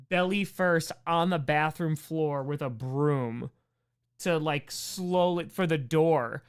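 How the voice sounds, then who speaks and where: A man's voice: fairly high pitch, a bit bright, clear, resonant tone. Chatty man hosting a livestream Q&A. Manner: rambling, jokey, answers chat names aloud. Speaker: streamer host answering chat. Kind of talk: casual livestream Q&A.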